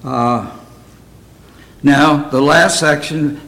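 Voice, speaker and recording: A man's voice: medium pitch, slow pace, long pauses, poor audio. A man teaching a Bible study in a plain, conversational way, often asking his listeners questions.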